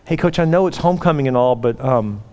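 A man playing a shy teenage boy who stumbles through his requests, soft and hesitant. The voice rings out in a big hall with a long echo. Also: mid-range voice, expressive, natural voice. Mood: pleading. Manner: hesitant, halting pleas. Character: shy hopeful teenage boy football player. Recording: long echoey hall reverb.

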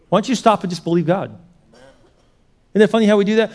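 With a high voice and a quick pace broken by long pauses, a pastor preaches conversationally. He repeats words and swings between quiet asides and animated retellings.

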